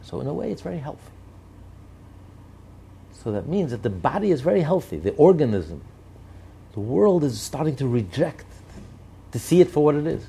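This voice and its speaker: A man's voice: on the high side, very animated, moderate pace, creaky, long pauses, dark tone, slightly rough. A man giving impassioned commentary on politics and morality, driving his points home with repeated rhetorical lists. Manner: emphatic, repetitive rhetorical lists.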